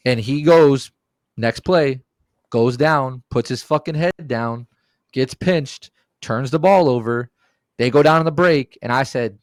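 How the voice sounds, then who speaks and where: A man's voice: mid-range voice, a little slow, no room sound. A man on a podcast telling a rowdy, profane story in casual chat and acting out the quotes. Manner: animated, profane, acts out quotes.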